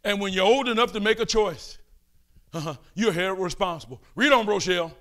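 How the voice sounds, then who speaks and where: An older man preaching a fervent sermon, calling out and pleading with his listeners between quieter asides. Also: high-pitched, fairly quick.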